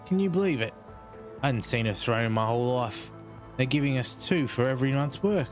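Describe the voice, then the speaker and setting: Reading game dialogue aloud, a man plays a sniveling, humble old peasant scout, putting on a rustic accent that drops its letters. His natural, mid-range voice is animated and brisk, and the mood is fawning throughout. Soft music plays in the background.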